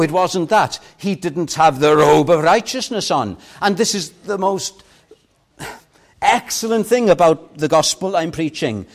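An older man preaching a sermon with impassioned swings, rising loud on key points and dropping to a hush. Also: a little high, animated, measured pace.

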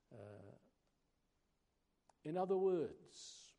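A man preaching a sermon, slow and emphatic, pausing between phrases. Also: medium pitch, expressive, dark tone.

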